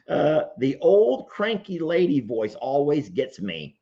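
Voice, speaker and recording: Animated man, farm livestream host, reading comments; muffled lo-fi computer-mic audio. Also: on the high side, takes it slowly, hardly any pauses, breathy edge. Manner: animated, chatty, reads comments aloud. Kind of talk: casual livestream chat. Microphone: computer microphone.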